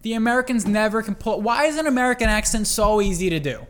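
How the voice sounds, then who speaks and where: A woman's voice: fairly high pitch, fast. A young woman co-hosting a casual podcast, blunt and jokey, swearing freely. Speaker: podcast co-host.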